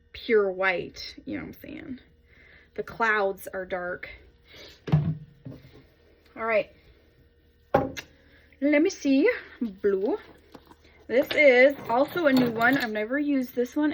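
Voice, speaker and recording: Woman, young adult, soap maker, casual rambling tutorial talk, unhurried, slightly high voice. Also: rough recording. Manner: chatty, rambling asides while working.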